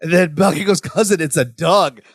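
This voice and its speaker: A man's voice: on the high side, moderate pace, no echo, clean studio sound. A man co-hosting a casual podcast, recapping scenes with quoted lines and laughter. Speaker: podcast co-host. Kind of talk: casual rewatch podcast chat.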